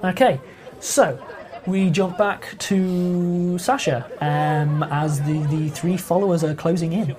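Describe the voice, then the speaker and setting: A man narrating as game master of a tabletop game, relaxed and rambling with many fillers. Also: sits high, slow pace, some chatter behind.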